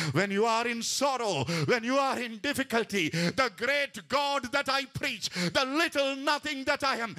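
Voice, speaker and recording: A pastor preaches with fervent passion, swinging from shouts down to hushed, low lines. He frequently recites scripture references.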